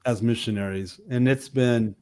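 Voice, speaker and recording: A man in his fifties talks in a casual co-hosted chat show. He wanders through his stories with restarts and asides, his voice sitting at an ordinary middle pitch and moving freely as he gets animated. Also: moderate pace. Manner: rambling, animated storyteller with many restarts. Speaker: co-host, missionary pastor.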